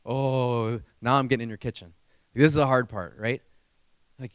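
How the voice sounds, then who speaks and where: A man's voice: medium pitch, fairly even intonation, normal speed, clear, resonant tone, no room sound. A man who teaches speech, giving a motivational keynote to parents and telling stories in an earnest, emotional and emphatic way.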